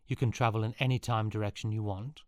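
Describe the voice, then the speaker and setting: A man's voice: lowish voice, steady tone, fast talker, no room sound, studio quality, close to an everyday voice. A man voicing a bewildered, earnest young boy who keeps asking puzzled questions.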